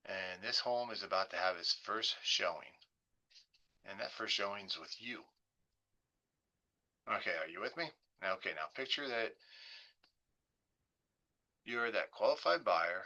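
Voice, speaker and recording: A man, a real estate agent, hosting a webinar and leading listeners through a slow, coaxing guided visualization. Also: fairly low pitch, lively intonation, bright, forceful tone, lo-fi sound. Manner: slow, coaxing, imaginative storytelling.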